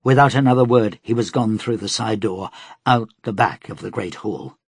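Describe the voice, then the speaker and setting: A man reading an audiobook aloud in a steady, dramatic manner as its narrator. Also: on the low side, normal speed, creaky, breathy edge, dry recording, clean studio sound. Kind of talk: scripted narration.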